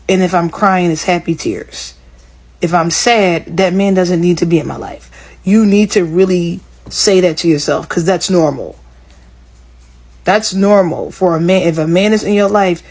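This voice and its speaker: A woman giving scolding, profane advice in a forceful monologue. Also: on the low side. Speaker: advice speaker.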